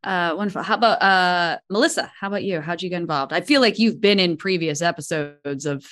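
A woman hosting a live after show, reacting quickly and asking her guests questions. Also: fairly low pitch, a bit bright. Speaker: host.

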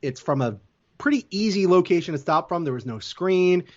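A man's voice: high-pitched, expressive, normal speed, dull audio. A man casually recapping a hockey game as a podcast co-host, telling the plays step by step with fillers. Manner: play-by-play storytelling with fillers.

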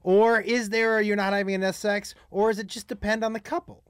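A man's voice: sits high, little pitch movement, brisk, smooth, no room sound, studio quality. A man hosting a podcast, joking bluntly and playfully in a casual conversation.

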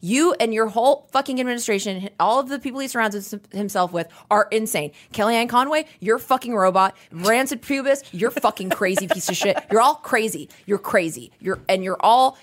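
A woman's voice: fairly high pitch, brisk, hardly any pauses. A woman co-hosting a podcast, ranting in casual political chat, emphatic and profane. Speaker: podcast co-host.

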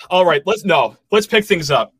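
A man hosting a casual sports podcast, joking and laughing as he talks through the year's highlights. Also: slightly rough, dry recording. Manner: joking, quick laughs, animated. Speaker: podcast host.

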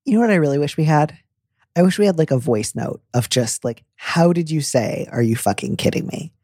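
A man's voice: on the high side, animated, a little mellow, no echo, studio quality. A man hosting an advice show in a casual, joking chat. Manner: playful, joking, quick asides. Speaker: advice podcast host.

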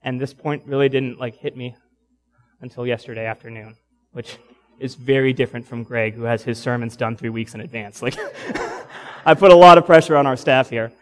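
A man's voice: mid-range voice, normal speed. A young man preaching a sermon in a church, telling stories casually and laughing often. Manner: casual, animated storytelling with laughs. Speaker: pastor.

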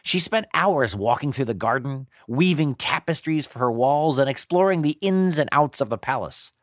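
A man hosting and narrating a story in an expressive, playful manner. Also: medium pitch, normal speed, no room sound, studio quality. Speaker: host and narrator.

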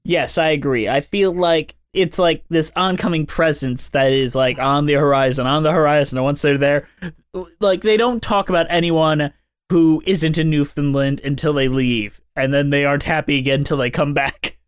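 A man's voice: a little high, fairly even intonation, normal speed, clear, resonant tone, no echo, studio quality. A man co-hosting a casual podcast about musicals, chatty and jokey, swearing now and then and filling gaps with "like" and "um". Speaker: podcast co-host. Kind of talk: casual chat.

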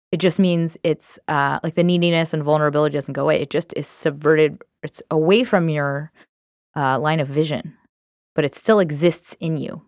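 Low-voiced candid woman host. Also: no room sound, studio quality. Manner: candid, reflective, uses many fillers. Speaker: podcast host. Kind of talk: casual self-help talk.

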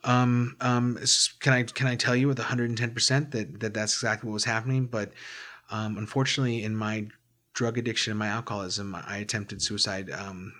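A man in an interview, recounting his past candidly and haltingly, often restarting and repeating words. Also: on the low side, little pitch movement, bright, forceful tone. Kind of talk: candid personal storytelling.

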